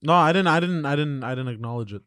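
A man on a podcast who answers haltingly and keeps repeating his words. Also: on the high side, fairly bright tone. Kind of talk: casual podcast banter.

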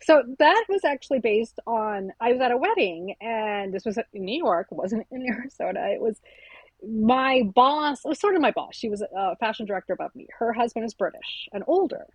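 Candid, animated woman author storyteller. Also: fairly high pitch, brisk, breathy edge, dry recording, rough recording. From South Asian family. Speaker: author being interviewed. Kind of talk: conversational interview.

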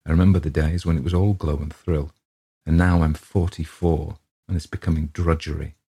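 A man's voice: very deep voice, flat delivery, brisk, warm tone, breathy edge, full character voice. A man voicing a weary, petulant writer of forty-four who complains about his work.

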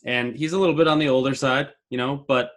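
A man's voice: mid-range voice, steady tone, quick pace. A man co-hosting a casual sports talk show, laid-back and chatty. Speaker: co-host.

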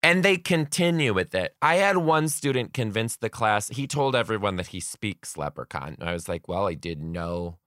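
A young adult man, a teacher, telling comic stories about his class in a sarcastic, animated way, acting out the kids. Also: medium pitch, normal speed, hardly any pauses, no echo, studio quality. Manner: animated, sarcastic, acts out kids' voices. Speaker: kindergarten teacher. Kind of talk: comedic storytelling.

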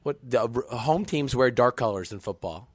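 Man, former quarterback, podcast co-host, easygoing banter, mid pitch, dry close mic. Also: expressive, moderate pace, no room sound. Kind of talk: casual sports chat.

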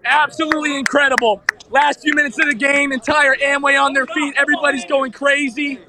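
Man, outdoor call-in, shouting, very high voice, crowd and street noise behind. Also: flat delivery, a little fast. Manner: hyped, shouting, can't hear the host. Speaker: remote guest reporting from outside the arena. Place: outdoors outside an arena after a game. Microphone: phone on a weak video call.

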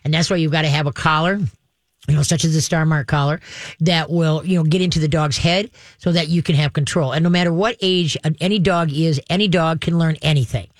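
A woman's voice: sits low, fairly even intonation, fairly quick, dry recording. A woman working as a dog trainer and host, giving advice to callers in an emphatic, chatty way. She laughs often and keeps checking in with "okay?". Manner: laughs often while explaining. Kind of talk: call-in advice show.

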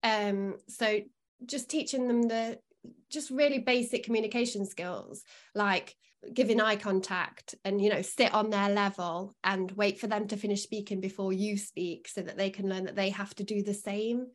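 A woman guest on a podcast, speaking as an early learning expert. She explains things patiently and reassuringly, in the steady tone of a teacher walking parents through the basics. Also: mid-range voice, normal speed.

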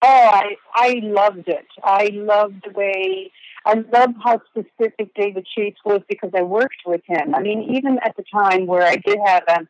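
A woman's voice: medium pitch, steady tone, moderate pace, no echo, muffled recording. A woman from Italy, a native Italian speaker, talking as an actress guest in a casual interview, emphatic and repeating words as she searches for them.

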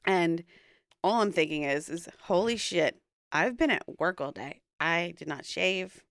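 Woman co-host, chatty and scattered, pitch leaps around a lot, dry booth. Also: expressive, unhurried, a bit bright, dry recording. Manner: rambling, self-interrupting storytelling. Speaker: podcast co-host. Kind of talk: casual chat.

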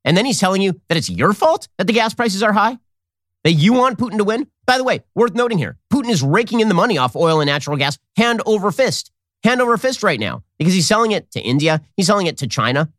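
Fast sarcastic male commentary host. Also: high voice, big pitch swings, a bit bright, no room sound, studio quality. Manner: sarcastic, rapid-fire, mocking. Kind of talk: fast political commentary monologue. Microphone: studio mic with earpiece.

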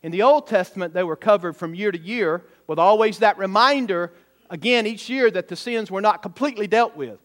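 A man's voice: high voice, brisk. A man preaching a sermon to a congregation, telling a story and building to emphatic exclamations.

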